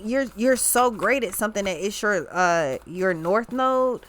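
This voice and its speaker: A woman's voice: mid-range voice, lively intonation, a little slow, hardly any pauses, a bit bright, a little hiss or hum. A young woman giving a casual tarot reading, rambling and emphatic, with slang and many restarts. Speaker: tarot reader.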